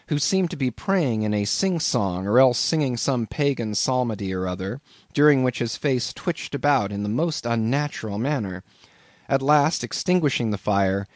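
A male audiobook narrator reading a classic novel in a lively, expressive storytelling voice. His pitch moves a great deal as he reads, at a middling height. The sound is dry and close. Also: dry recording.

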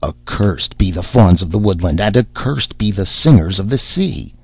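A man's voice: sits low, expressive, moderate pace, darkish tone, breathy edge, dry recording, highs cut off, heavily acted. A man voicing a stern, zealous old priest who rebukes in thundering archaic speech. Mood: fervent.

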